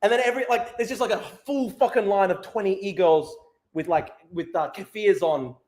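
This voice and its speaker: Profane, rambling Australian man, high voice. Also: brisk, darkish tone. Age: 20s. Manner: profane, rambling, mock-despairing. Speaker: show host. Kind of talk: comedic rant. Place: small home studio.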